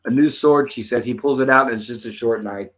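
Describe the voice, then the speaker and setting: Guy hosting a chill review chat, reads out the lines from scenes, mid pitch. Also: steady tone, fast talker, bright, forceful tone. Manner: retells scenes, quoting the characters' lines. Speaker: host. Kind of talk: casual episode commentary.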